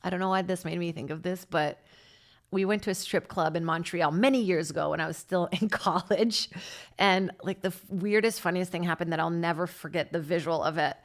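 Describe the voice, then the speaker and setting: A woman in her thirties hosting her own podcast, telling rambling self-deprecating stories in a casual comedy monologue. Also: brisk. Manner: rambling, self-deprecating, breaks into laughter, lively jumps in pitch. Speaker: podcast host and stand-up comic.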